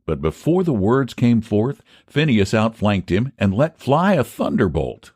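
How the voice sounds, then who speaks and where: A man narrating a classic short story as an audiobook, in an expressive storytelling manner. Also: measured pace, hardly any pauses, slightly rough, dry recording, clean studio sound. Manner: expressive storytelling, low even narration between character lines.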